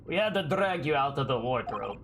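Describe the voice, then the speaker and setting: A man voicing a gruff male Russian sailor interrogating a stowaway, with a put-on Russian accent and stiff, broken phrasing, over game music. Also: mid-range voice, very animated, brisk, fairly bright tone, slight background noise. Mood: menacing.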